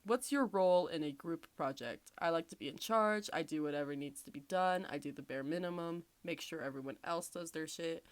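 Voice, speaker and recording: A woman's voice: low voice, brisk, hardly any pauses, dry recording. Wry, swearing woman reading a quiz. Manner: sarcastic, swears freely, laughs often. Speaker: podcast host. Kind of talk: casual chat, reading quiz questions aloud.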